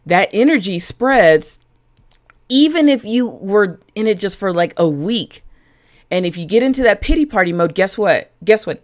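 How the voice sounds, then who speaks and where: A woman business coach talking directly to live-stream viewers, chatty and frank, greeting people by name as she goes. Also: mid-range voice.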